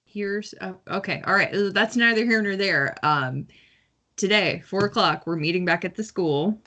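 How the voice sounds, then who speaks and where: A woman's voice: mid-range voice, normal speed, sharp tone. A woman, playing her character in a tabletop game, hesitant and full of fillers. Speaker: player. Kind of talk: in-character tabletop role-play.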